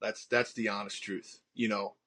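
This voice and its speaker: His voice is fairly low, pushed and bright, delivered flatly at a normal speed. He's a forties-aged pastor from Long Island, New York, with a local accent, earnestly telling his life story in a podcast interview and restarting often as he gives his testimony.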